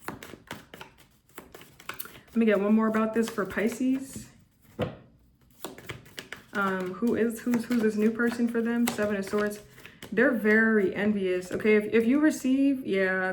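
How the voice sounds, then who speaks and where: Slight background noise accompanies a woman's medium-pitched voice as she offers a casual tarot reading to camera. Chatty and blunt to the point of judgment, she repeats herself and keeps restarting, with "like" peppered throughout.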